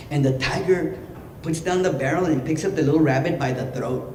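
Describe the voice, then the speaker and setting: A boisterous man tells a joke and laughs at his own lines, with a somewhat high voice. He sounds roomy, in a hall with long reverb, and loud noise sits behind him. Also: brisk. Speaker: entertainer. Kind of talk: joke telling.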